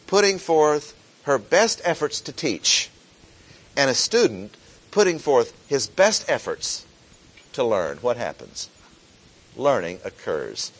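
A male preacher delivering a Sunday sermon, his pitch rising and falling widely as he leans into each quoted verse. He slows and lifts his voice to plead, then drops back to plain explanation. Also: rough recording.

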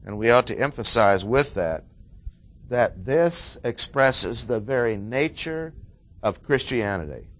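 A man's voice: medium pitch, animated, measured pace, fairly bright tone. A man preaching a sermon, explaining a Bible passage with emphatic repetition of key words.

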